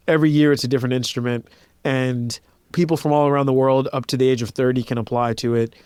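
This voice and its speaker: In a relaxed interview, a man in his thirties who composes and plays piano shares stories in a casual, reflective way, leaning heavily on "like" and performing quoted voices. His voice is medium-pitched, darkish, clear and resonant. The studio-quality recording has no room sound.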